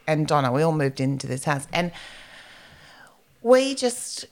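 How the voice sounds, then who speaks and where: A woman's voice: deep voice, a little slow. A middle-aged woman, co-hosting a casual podcast chat and telling stories with animation and the odd swear word. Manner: animated storyteller, swears freely. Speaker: podcast co-host.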